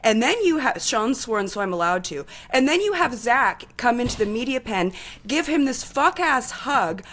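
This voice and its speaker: A woman's voice: a little high, animated, normal speed, fairly bright tone. A woman co-hosting a podcast in casual chat, talking with heated, impassioned energy and swearing freely. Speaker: podcast co-host.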